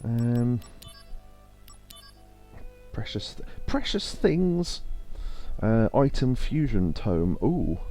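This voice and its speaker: A man's voice: on the low side, mellow. A man giving rambling, laid-back commentary as he plays a game live, reading game text aloud as he goes. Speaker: streamer playing a game. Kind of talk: casual let's-play commentary. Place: home streaming setup. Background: faint game music.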